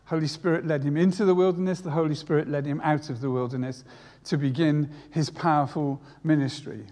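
A man's voice: on the high side, steady tone, a little fast, hardly any pauses, darkish tone, big-room sound. A retired man preaching a sermon, earnest and repeating key phrases for emphasis. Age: older.

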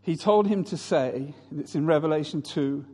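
Male preacher, husky high voice, storytelling sermon, reverberant hall. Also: normal speed, mellow. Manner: storytelling, mimics others in raised voices. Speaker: pastor.

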